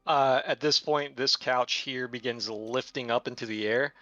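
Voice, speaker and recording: A man running a tabletop game, describing each scene in a bright, forceful voice. He narrates haltingly with frequent fillers, recorded close and dry with slightly dull sound. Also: mid-range voice, steady tone, no room sound, faint music behind. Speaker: game master.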